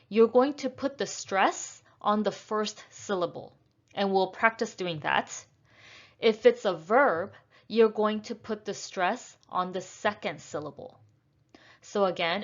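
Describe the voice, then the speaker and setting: A woman gives a pronunciation lesson at an unhurried, deliberate pace, saying each example word twice. The recording is a little dull and lo-fi, and her voice sits at a middle pitch. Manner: slow, careful, repeats each word twice for emphasis. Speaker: English pronunciation teacher.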